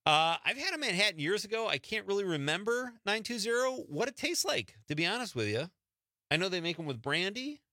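Male radio host, bright, dry studio sound, relaxed and chuckling. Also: sits high, a little fast, dry recording. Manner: easygoing, chuckling, reads texts aloud. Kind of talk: late-night call-in radio chat. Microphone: studio microphone.

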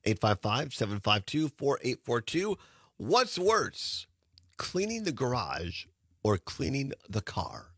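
A man's voice: mid-range voice, huge pitch swings, slow, fairly bright tone, husky, no echo, studio quality. A man hosting a radio talk show, chatting casually and laughing often. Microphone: studio microphone.

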